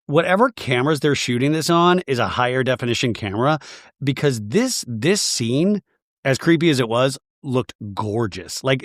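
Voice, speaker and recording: A man hosting a podcast, giving a sarcastic, animated comedic recap of a reality show with jokey asides. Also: mid-range voice, no echo, studio quality. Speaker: podcast host.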